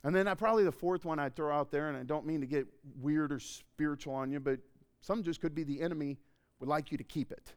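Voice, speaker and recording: Brief: man, pastor, sermon in a church, a bit higher voice, conversational and jokey, punches up lines loudly. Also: quick pace, clear, resonant tone. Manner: conversational, joking, animated with sudden loud bursts. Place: church auditorium.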